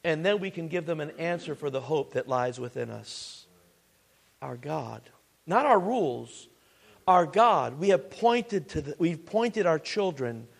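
A man's voice: high-pitched, vocal fry. A man preaching a sermon as pastor, earnest and full of restarts and asides.

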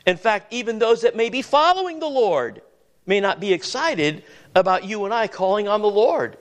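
A man's voice: sits high, big pitch swings, normal speed. A man preaching a sermon as pastor, asking the congregation questions and often repeating words as he goes.

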